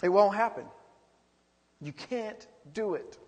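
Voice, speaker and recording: A man's voice: high-pitched, takes it slowly, a little mellow, big-room sound. A man preaching a sermon as pastor, rising into emphatic calls to the congregation.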